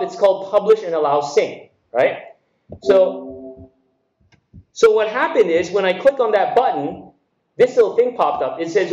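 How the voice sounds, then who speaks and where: A man from the Philippines giving a jokey, energetic conference keynote, calling the crowd friends. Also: high voice. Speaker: keynote speaker. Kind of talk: humorous conference keynote with live demo. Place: large conference hall. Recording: echoey hall from far off, dull.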